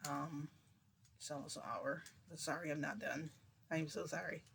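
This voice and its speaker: A man's voice: on the high side, fairly even intonation, moderate pace, gravelly, fairly bright tone, a little hiss or hum. A man telling a long story to the camera in a casual, rambling way, full of fillers and restarts. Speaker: vlogger.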